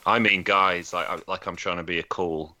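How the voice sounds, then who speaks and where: A man's voice: low voice, fairly even intonation, normal speed, a loud crowd. A man on a football podcast, chatting in an apologetic, jokey and hesitant way. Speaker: podcast panelist. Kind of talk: casual football podcast chat.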